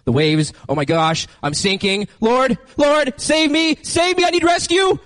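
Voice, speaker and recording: A man's voice: a little high, measured pace, a bit bright, no room sound, clean studio sound. A man voicing a frightened fisherman disciple who is sinking in the waves and cries out frantically for help. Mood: panicked.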